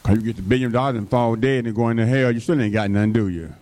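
A man's voice: mid-range voice, very fast, darkish tone. A man preaching a sermon, drawing out his words and breaking in with frequent call-and-response interjections to the congregation.

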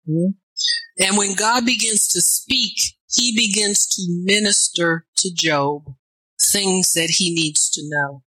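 A woman preaching with a bright, forceful voice, tossing quick questions back at her listeners. The sound is dry and close, with little room around it. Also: mid-range voice, no echo, poor audio. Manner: call-and-response asides, rising to shouts. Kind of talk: sermon.

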